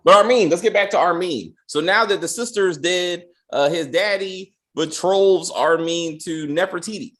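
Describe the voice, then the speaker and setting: A man hosting a casual TV episode review, animated, laughing, and acting out the characters' lines in voices. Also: high-pitched, normal speed, few pauses. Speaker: show host.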